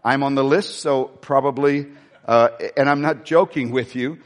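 A man's voice: mid-range voice, moderate pace. Folksy preacher man in a reverberant hall. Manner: conversational, with folksy asides and dramatic soft-voiced quotes. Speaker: pastor. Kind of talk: sermon. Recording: long reverb of a large hall.

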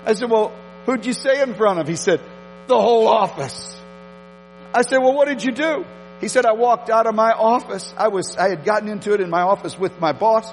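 A man preaching a sermon, telling a story with emphatic repetitions and animated delivery. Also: high-pitched, a little fast, big-room sound, faint music behind, low-quality recording. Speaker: pastor.

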